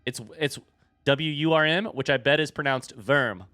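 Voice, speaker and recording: A man giving live commentary on a video game, reacting loudly and talking to chat. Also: a little high, fairly even intonation, moderate pace, smooth, dry recording, faint music behind. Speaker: streamer playing a video game.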